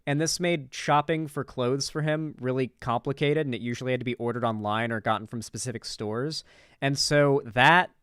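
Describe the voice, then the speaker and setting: Man, reaction commentary, profane, incredulous, smooth resonant voice, dry sound. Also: mid-range voice, fairly bright tone, dry recording. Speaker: political commentary streamer.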